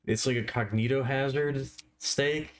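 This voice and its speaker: A tired man chatting casually on a live art stream, with a slow, drowsy, stoner-like drawl. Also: medium pitch, fairly even intonation.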